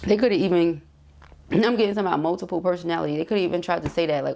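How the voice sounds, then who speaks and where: A woman reads tarot in a loose, chatty way. She speaks in a somewhat low voice and talks straight to her viewers with emphatic asides. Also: steady tone, fast talker, creaky, darkish tone. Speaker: tarot reader. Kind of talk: casual tarot reading monologue.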